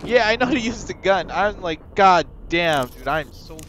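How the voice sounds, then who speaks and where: A man's voice: sits high, animated, unhurried, noisy background. A young man streaming a game, ranting, exasperated and cursing at it. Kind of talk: frustrated gameplay commentary.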